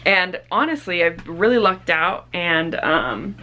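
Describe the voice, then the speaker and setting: A woman's voice: fairly low pitch, very animated, takes it slowly, bright, forceful tone, a little hiss or hum. Chatty young woman rambling in a vlog. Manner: chatty, rambling, lots of fillers. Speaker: vlogger and teacher. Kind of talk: casual vlog chat.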